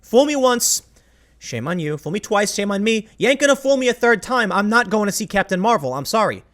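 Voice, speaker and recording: A man's voice: high-pitched, sing-song, brisk, a bit bright. A man delivering a rambling, opinionated commentary monologue as host, often stopping and restarting his sentences. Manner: rambling, self-interrupting, emphatic.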